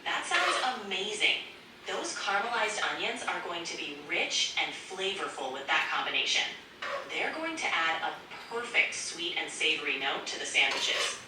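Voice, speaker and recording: A woman's voice: fairly low pitch, very animated, normal speed, recorded from a distance, background noise. A synthetic woman's voice acting as an AI co-host, upbeat and full of compliments. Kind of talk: cheerful assistant replies. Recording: echoey room, voice from across it.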